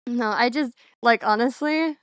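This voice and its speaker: A woman's voice: a little high, unhurried, a bit bright, clean tone, no room sound, studio quality. A young woman VTuber streamer chatting casually and bubbly with her viewers, giggling often. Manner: bubbly, giggly, talks straight to chat. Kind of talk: casual live-stream chat.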